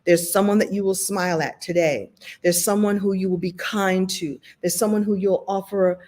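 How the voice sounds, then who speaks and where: Brooklyn woman, motivational coach live stream, emotional and animated, laughs a lot. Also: mid-range voice, normal speed. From Brooklyn, New York. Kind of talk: motivational livestream talk.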